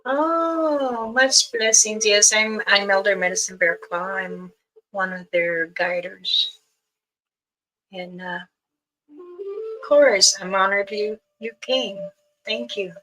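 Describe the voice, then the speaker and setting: Slow-talking older woman, bright voice. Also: mid-range voice, faint music behind, rough recording. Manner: meandering, with many fillers and restarts. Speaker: elder and spiritual guide hosting a livestream. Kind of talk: rambling livestream storytelling.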